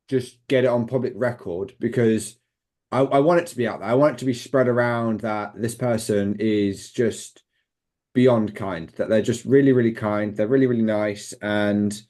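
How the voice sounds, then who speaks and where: A young British man speaks as an interview guest, recounting his time as a film extra. He rambles enthusiastically, with frequent fillers and restarts, at a middle pitch. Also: normal speed, darkish tone. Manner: enthusiastic, rambling, lots of fillers and quoted voices. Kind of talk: casual interview storytelling.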